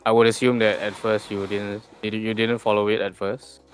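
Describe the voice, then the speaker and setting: Low-voiced man running a tabletop game. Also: little pitch movement, normal speed, faint music behind. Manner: musing, hums filler syllables while thinking. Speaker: game master. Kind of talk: casual tabletop session chat.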